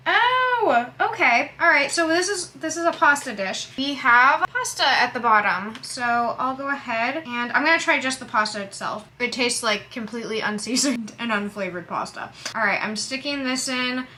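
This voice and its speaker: A young woman with a bright, slightly high voice talks casually to her viewers in a food vlog. She thinks out loud as she tastes each dish and describes it. She is recording in a hotel room. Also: expressive, moderate pace, hardly any pauses, slight background noise. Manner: chatty, thinks aloud while tasting. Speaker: vlogger.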